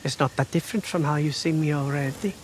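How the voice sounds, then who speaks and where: Brief: man playing formal, guarded young man, Norwegian accent, quick and slightly high. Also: slight background noise, close to an everyday voice. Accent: put-on Norwegian.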